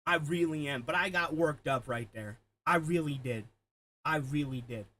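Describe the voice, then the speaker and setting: A man's voice: a little high, normal speed. Heated, profane male commentary ranter. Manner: heated, profane, shouting at times. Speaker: commentary streamer. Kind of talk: angry ranting commentary.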